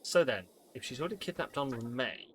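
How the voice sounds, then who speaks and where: A man on a live stream playing a game, reading its dialogue aloud and thinking out loud, with lively delivery. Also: mid-range voice, quick pace, a little hiss or hum.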